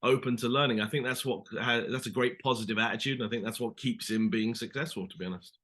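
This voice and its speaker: A man's voice: mid-range voice, fast, fairly bright tone. A man, an actor, chatting casually as an interview guest, rambling with lots of "you know" and "sort of".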